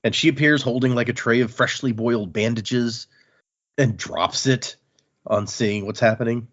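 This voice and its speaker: A man's voice: mid-range voice, normal speed, fairly bright tone. A man hosting a casual book discussion podcast, recapping chapters chattily with fillers. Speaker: podcast host. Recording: slightly muffled podcast audio.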